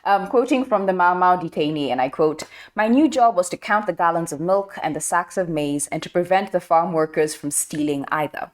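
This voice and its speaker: Woman telling history, slightly low. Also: fairly quick, few pauses. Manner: animated storyteller, reads quotes, laughs often. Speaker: podcast host. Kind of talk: casual history podcast chat.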